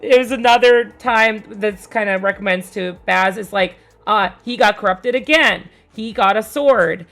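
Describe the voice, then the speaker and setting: A young woman streamer casually telling a tabletop game story, rambling with fillers and casual swearing, growing more animated as it goes. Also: mid-range voice, a little slow, vocal fry, hardly any pauses. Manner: gets louder and more animated as the story builds.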